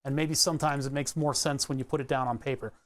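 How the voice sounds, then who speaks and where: A streamer in a chill livestream, talking at a medium pitch, unhurried and half to themselves. Sentences trail off and get corrected along the way, like someone thinking out loud while working. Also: steady tone. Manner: muttering to self, frequent self-corrections. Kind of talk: relaxed think-aloud livestream narration.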